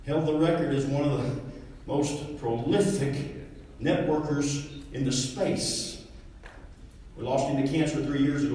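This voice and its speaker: Motivational speaker, middle-aged man, folksy storyteller, slightly high voice, roomy hall sound from a distance. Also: darkish tone, slight background noise. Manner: folksy storytelling, acting out dialogue with his father. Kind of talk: motivational speech to a live audience. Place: large hall with an audience. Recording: echoey hall, mic far off.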